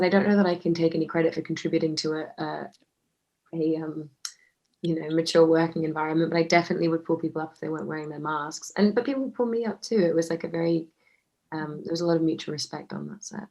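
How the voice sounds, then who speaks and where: A woman's voice: deep voice, fairly even intonation, quick pace, a little mellow. A woman, an actor answering questions casually, chatty with lots of fillers and restarts. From Australia. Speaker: actor, interview guest.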